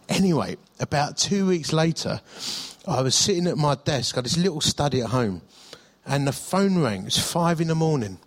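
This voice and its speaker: A middle-aged male pastor, preaching in a chatty storytelling way, with self-deprecating humour and frequent restarts. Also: medium pitch. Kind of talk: sermon.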